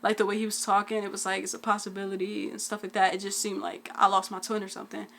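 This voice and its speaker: A woman's voice: medium pitch, flat delivery, quick pace, gravelly, fairly bright tone, slight background noise. Casual young woman telling a story. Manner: casual, dialect-heavy storytelling with many "like"s. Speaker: twin vlogger.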